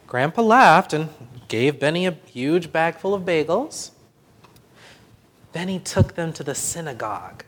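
Slow expressive storybook reader, lots of ups and downs, goes hushed sometimes. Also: medium pitch. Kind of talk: picture book read-aloud.

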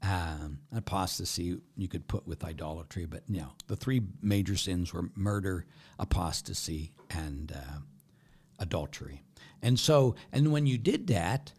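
A man, a Catholic priest, giving a plain-spoken, conversational sermon and checking in with the listeners with a quick "huh?". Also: low voice, vocal fry, darkish tone, slightly rough.

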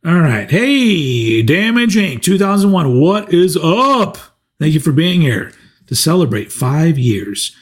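Guy in his 40s chatting on a livestream, swears a lot, rambles, kinda high voice. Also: sing-song, takes it slowly. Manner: rambling, profane, storytelling with restarts. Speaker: channel host. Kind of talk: casual livestream Q&A.

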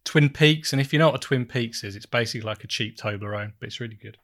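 A man's voice: mid-range voice, fast talker, fairly bright tone. Man, casual podcast host, rambling, self-mocking, laughs a lot. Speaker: podcast host reviewing films. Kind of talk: casual chat.

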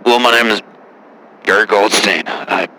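Guy doing a nervous shopkeeper caller, bright edge to a lowish voice, mumbles, trips on every word. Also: fairly even intonation, a little slow, a little hiss or hum, rough recording. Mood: hesitant. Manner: hesitant, stammering, mumbling. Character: nervous adult male jewelry shop owner.

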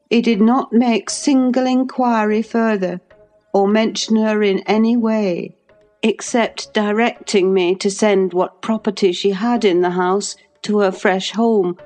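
A woman with a mid-range voice reads an audiobook aloud. Her storytelling is measured and even.

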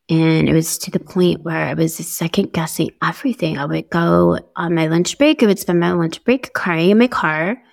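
A woman's voice: fairly low pitch, vocal fry, dry recording. A woman hosting a podcast, telling her own story in a candid, conversational way, upbeat and easygoing with small laughs. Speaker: podcast host. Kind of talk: personal storytelling monologue.

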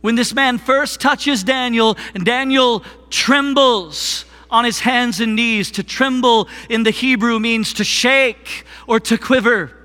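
Slow, high-voiced man preaching a sermon. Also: sharp tone, in a large hall. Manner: slow, deliberate preaching with call-and-response. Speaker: worship pastor preaching. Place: church sanctuary.

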